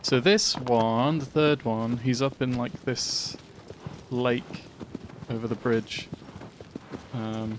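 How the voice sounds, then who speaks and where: A man's voice: medium pitch, steady tone, slow pace, pauses often, noisy background. A man streaming a video game, giving chatty, rambling live commentary as he plays. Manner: chatty, rambling, easily sidetracked. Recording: loud game music behind.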